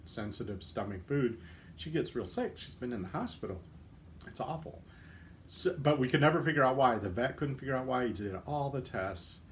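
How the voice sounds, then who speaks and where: A man's voice: mid-range voice, a little hiss or hum. A man hosting a livestream, chatting casually with viewer comments and cracking self-deprecating jokes. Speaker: livestream host.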